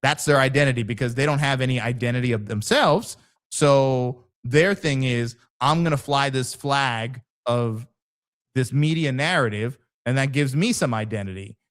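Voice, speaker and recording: A man's voice: medium pitch, normal speed. A man hosting a podcast in casual conversation, telling stories with animation and acting out the voices of people he quotes. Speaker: podcast host, former police officer.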